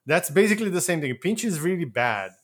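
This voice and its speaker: A man's voice: on the high side, big pitch swings, fast talker, a bit bright. A man co-hosting a casual movie podcast, joking and explaining slang with bursts of laughter. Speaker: podcast co-host.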